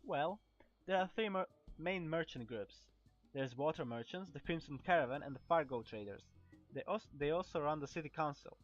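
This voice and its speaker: A man's voice: fairly high pitch, animated, moderate pace, close to an everyday voice. Chatty game shopkeeper woman, read by a man with a Croatian accent, stumbling through lines; lo-fi sound, faint music. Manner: reads lines aloud with stumbles and restarts. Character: gossipy female weapon shopkeeper, chatty. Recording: dull lo-fi recording.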